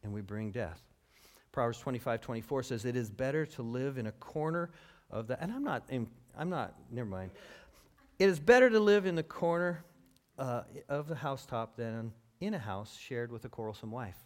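A man preaching a sermon in a lively, conversational way, asking his listeners questions and acting out what people say. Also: medium pitch, normal speed. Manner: lively, conversational, acts out quoted speech; asks the audience questions. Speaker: pastor.

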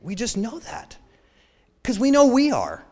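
A man in his fifties preaching a sermon, telling animated stories about himself and acting out quotes with self-mocking humor. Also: extremely high pitch, a little slow.

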